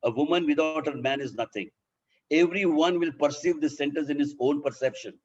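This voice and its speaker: A man's voice: fairly high pitch, a little fast, lo-fi sound. A man with an Indian accent giving a public speaking lesson, demonstrating points by voicing example sentences. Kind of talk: instructional talk.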